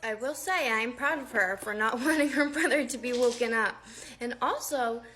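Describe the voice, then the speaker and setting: A young woman, a mother, casually telling a family story and acting out the quoted lines in lively voices. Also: a little high, normal speed, a little hiss or hum. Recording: echoey room.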